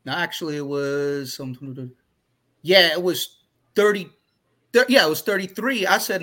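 A man's voice: a little high, measured pace, sharp tone. A man in his forties, a podcast co-host, talking candidly in casual chat and often restarting his sentences. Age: 40s.

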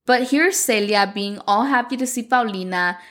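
A woman's voice: a little high, normal speed, fairly bright tone. A woman whose first language is Spanish, recapping a telenovela in chatty, opinionated English. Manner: chatty, lots of "like", opinionated asides. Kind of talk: casual recap chat.

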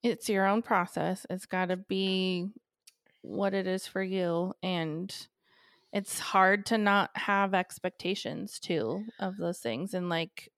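A woman's voice: fairly low pitch, steady tone, takes it slowly, fairly bright tone, clean tone, no echo, studio quality. A woman co-hosting a podcast, talking in a supportive, reflective, reassuring way. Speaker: podcast co-host. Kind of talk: casual chat.

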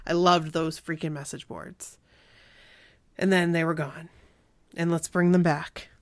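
A woman's voice: lowish voice, fairly even intonation, a little slow, dry recording. A woman co-hosting a casual fan podcast, chatty and giggly, with plenty of likes and trailing fillers. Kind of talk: casual fan chat, reading out a listener story.

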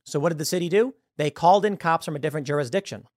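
A man hosting political commentary, talking in an animated and scornful way. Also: on the high side, racing, no room sound, studio quality. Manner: animated, acts out quoted voices, scornful. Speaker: show host.

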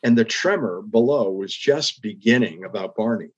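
In a storytelling interview, an older man who once ran public TV recounts his career, animated and at a moderate pace. His slightly husky, mid-pitched voice is earnest and reflective, lifting into emphatic rises, and the audio sounds a bit muffled and lo-fi.

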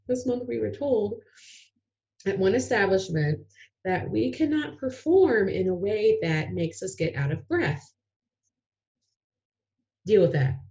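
A woman's voice: medium pitch, big pitch swings, slow pace, long pauses, darkish tone, muffled recording. A woman chatting as a podcast guest, giggly and rambling, often trailing off. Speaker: podcast guest, drag performer. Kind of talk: casual chat.

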